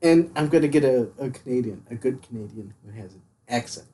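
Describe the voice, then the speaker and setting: A man's voice: medium pitch, lively intonation, brisk, warm tone. A man with a Midwestern American accent, chatting casually as a streamer in a rambling way. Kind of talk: casual chat.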